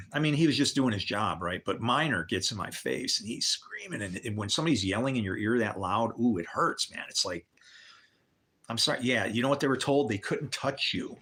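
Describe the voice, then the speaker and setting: A man's voice: on the low side, expressive, normal speed, bright, forceful tone, breathy edge. An older man telling candid personal stories on a livestream, swearing and adding religious asides. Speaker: livestream host. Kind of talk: rambling personal storytelling.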